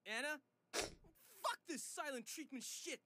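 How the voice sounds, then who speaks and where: An actor playing a petulant young boyfriend in a game, leaving a pushy, swearing voice message in a childish manner. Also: male voice, very high-pitched, animated, slow, pushed and bright, no room sound, heavily acted.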